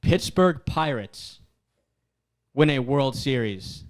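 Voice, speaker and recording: Male co-host, mid-pitched, teasing banter, casual sports talk. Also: animated, slow.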